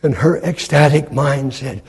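A man preaching a sermon in a dramatic way, acting out quoted speech in loud, high bursts. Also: a little slow, husky. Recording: long hall reverb.

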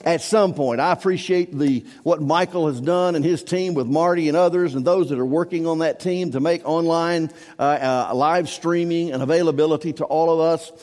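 A man's voice: a little high, normal speed, hardly any pauses, a little mellow, long reverb tail. A man preaching a sermon to his congregation, emphatic and repetitive, his voice rising and falling in force. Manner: emphatic, repeats key words, swells and drops in volume. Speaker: pastor. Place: church sanctuary.

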